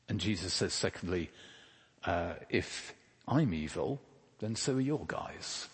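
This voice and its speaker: A man's voice: fairly low pitch, husky, in a large hall. A man preaching a sermon in a conversational way, asking rhetorical questions and dropping casual asides. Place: church.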